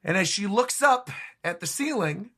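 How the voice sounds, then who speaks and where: A man co-hosting a podcast, casually recapping a comic chapter in a lively way with quick laughs. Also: high-pitched. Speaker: podcast co-host.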